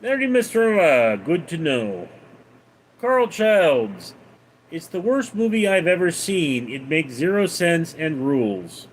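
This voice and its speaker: A man hosting a casual livestream, reading viewer questions aloud and answering them in a deadpan way. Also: on the high side, slow pace. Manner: deadpan, reads names then answers. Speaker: livestream host.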